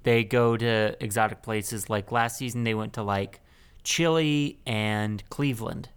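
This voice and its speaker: A man's voice: on the low side, unhurried, clean tone. A man co-hosting a comedy podcast in a laid-back, hesitant way. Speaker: co-host. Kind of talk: casual comedy podcast banter.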